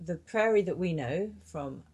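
A woman's voice: lowish voice, lively intonation, a little slow, a little mellow, husky. A woman co-hosting a podcast, chatting casually about a TV episode, asking her co-host questions and swearing offhandedly. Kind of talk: casual chat about a TV show.

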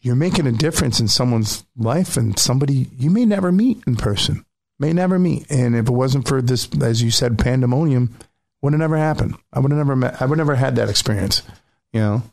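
A man's voice: mid-range voice, fairly quick, gravelly. A man chatting casually as a streamer guest, telling a story with feeling, with frequent restarts. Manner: emotional, animated storytelling with many restarts. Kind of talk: casual chat.

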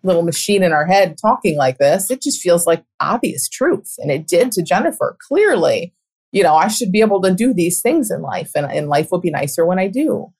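A middle-aged woman hosting a talk show and coaching, speaking in an earnest, reflective way with soft laughs. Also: on the low side, big pitch swings, normal speed, husky. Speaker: podcast host and coach. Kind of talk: conversational monologue.

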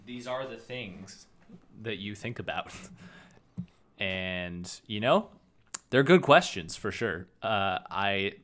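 A man's voice: lowish voice, animated, slow, a bit bright. A man co-hosting a casual chat, enthusiastic and chatty, laughing easily. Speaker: podcast co-host.

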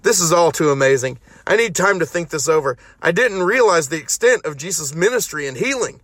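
An actor playing a curious, excited male scribe in an amateur radio drama. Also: fairly high pitch, fairly quick, no echo, studio quality. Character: amazed male scribe taking notes.

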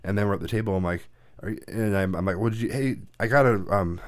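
A man's voice: fairly low pitch, fast talker, no room sound. A man in his thirties, a father and podcast co-host, telling a family story in casual chat and acting out the quotes. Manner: animated storyteller, acts out quotes.

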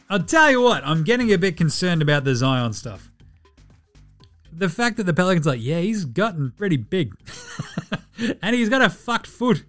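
An Australian man rants his way through a casual sports podcast. His voice sits fairly high for a man, and he swears freely and laughs often. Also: sing-song, moderate pace, long pauses, soft background music. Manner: profane, ranting, laughs often. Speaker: podcast host.

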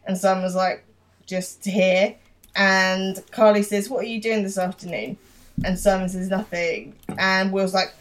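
A woman's voice: mid-range voice, steady tone, a little hiss or hum. A woman with a mid-range voice casually narrates a TV episode's plot on a podcast. She strings the quoted dialogue together one line after another. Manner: narrates plot quickly, quoting lines, with laughs. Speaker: podcast co-host. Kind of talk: casual recap chat.

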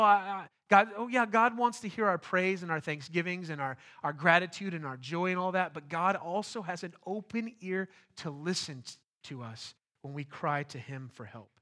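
A middle-aged man preaching a sermon as pastor, earnest and emphatic, slowing down to stress key phrases. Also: on the high side, fairly bright tone.

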